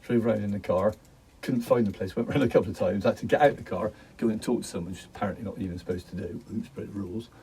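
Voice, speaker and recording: A man's voice: on the low side, racing, warm tone, husky, recorded from a distance, low-quality recording. A middle-aged man vlogging from his garden, rambling in a jokey way and laughing often. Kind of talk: rambling casual monologue.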